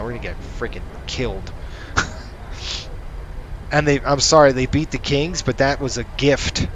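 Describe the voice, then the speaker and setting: A man's voice: mid-range voice, a bit bright, slight background noise, poor audio. A man casually commenting on a flight simulator session, running through checklist callouts and ranting sarcastically between them. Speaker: flight sim streamer.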